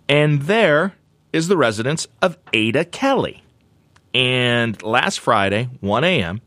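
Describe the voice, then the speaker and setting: A man hosting a radio talk show, telling a story in a playful, animated way. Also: medium pitch, no echo. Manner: animated, playful, does silly voices.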